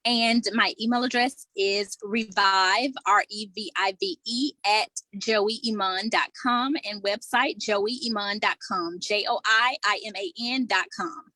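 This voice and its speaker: Slow, careful bright-voiced woman. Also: medium pitch, no room sound, low-quality recording. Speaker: guest coach. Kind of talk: spelling out contact details.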